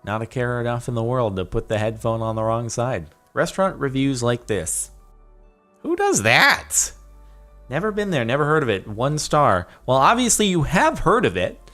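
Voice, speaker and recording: A young man giving casual commentary as he reacts to posts, exasperated and breaking into loud rants. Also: medium pitch, very animated, normal speed, faint music behind. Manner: exasperated, ranting, rising to loud outbursts.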